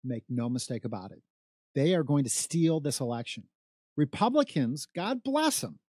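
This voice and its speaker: A man's voice: fairly high pitch, big pitch swings, normal speed, darkish tone, no room sound, clean studio sound. Emphatic middle-aged Chicago man. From South Side of Chicago. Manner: emphatic, repetitive, rhetorical questions. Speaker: political commentator. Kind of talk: opinionated political monologue.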